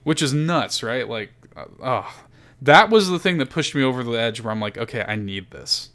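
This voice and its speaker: A man hosting a casual podcast chat, animated and profane, laughing often. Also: mid-range voice, normal speed. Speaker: podcast host.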